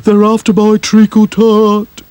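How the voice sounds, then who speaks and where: A man voicing a glum, sulky male rag doll who talks in a slow, whiny way. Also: on the low side, sing-song, dark tone, no echo, exaggerated voice. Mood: panicked.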